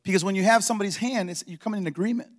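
A man's voice: high voice, very fast. A man preaching a sermon in a church as pastor, telling stories with energy and acting out the dialogue.

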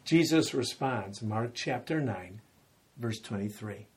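A man preaching a sermon, retelling scripture as animated storytelling and acting out the quoted lines with rising intensity. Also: lowish voice, slow, breathy edge.

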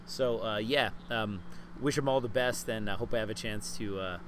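A man hosting a podcast in casual chat, telling animated, self-deprecating stories. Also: on the low side, moderate pace, a little hiss or hum. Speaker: podcast host.

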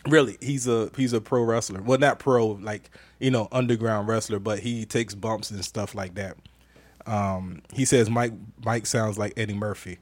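A man's voice: on the low side, fairly even intonation, moderate pace, no room sound. A man hosting a casual podcast live stream, reading out viewer comments with a playful, laughing manner. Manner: laughing, playful, repeats phrases. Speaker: podcast host.

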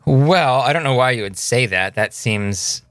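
A man co-hosting a casual chat, asking probing questions in a dry, deadpan way. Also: medium pitch, a little slow, dry recording.

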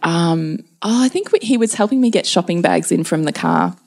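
A woman chatting casually, with lots of swing in her pitch and a gravelly rasp at phrase ends. She tells stories with animated energy, throwing herself into each scene. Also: moderate pace. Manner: animated storyteller who acts out tantrums. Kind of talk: casual chat.

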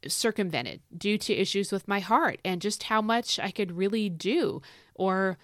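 A woman's voice: mid-range voice, measured pace, no room sound, clean studio sound. A middle-aged woman hosting a faith podcast, chatting casually and rambling with frequent restarts. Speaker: podcast host. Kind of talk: casual devotional podcast talk. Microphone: podcast microphone.

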